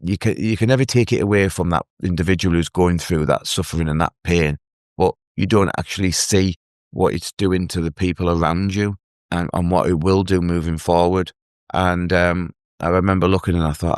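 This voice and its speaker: An earnest man telling his own story as a guest in an interview, halting and restarting as he speaks. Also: low-pitched, steady tone, clear, resonant tone, no echo, studio quality. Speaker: guest, mental health advocate. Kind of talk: emotional personal story in an interview.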